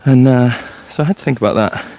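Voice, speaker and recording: A man's voice: mid-range voice, fast, noisy background. A man, a forest school leader chatting casually and explaining things in a loose storytelling way. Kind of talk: casual podcast chat.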